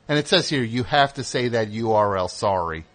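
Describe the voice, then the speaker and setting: A man's voice: mid-range voice, expressive, moderate pace, a bit bright. A man hosting a call-in radio show, reading an ad with a jokey, rambling, mock-earnest manner. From United States.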